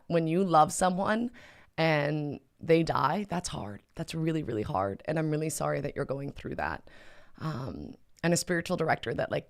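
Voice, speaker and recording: A woman with a low voice talks in a casual, gentle way as she answers viewer questions. She drifts into fillers and restarts often, keeping it warm and conversational rather than polished. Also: vocal fry. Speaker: mother. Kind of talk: casual spoken Q&A.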